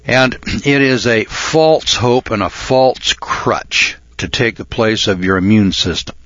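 A man giving an insistent speech, often clearing his throat and restarting his sentences. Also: mid-range voice, slow pace, fairly bright tone, no room sound. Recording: dull lo-fi recording.

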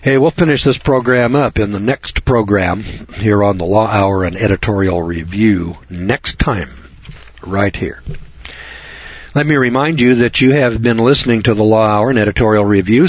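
Husky folksy radio host. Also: male voice, lowish voice, dry recording. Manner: folksy, sarcastic, rambling with repetitions. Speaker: radio talk show host. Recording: dull dry lo-fi radio recording.

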